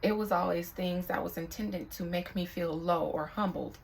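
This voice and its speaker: A young woman speaking as a psychic reader in a casual, candid vlog monologue, reflective and quick to swear. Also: fairly low pitch, creaky, slight background noise, poor audio.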